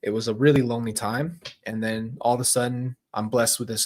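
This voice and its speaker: A man's voice: medium pitch, steady tone, a little fast, few pauses. A man hosting a livestream, speaking to his viewers in casual, heartfelt chat and often repeating himself. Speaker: livestream host.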